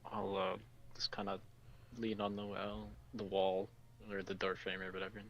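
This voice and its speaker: A man playing in a tabletop role-play, speaking softly and hesitantly with many pauses. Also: sits low, monotone, lo-fi sound. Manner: soft, hesitant, full of ums. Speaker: player.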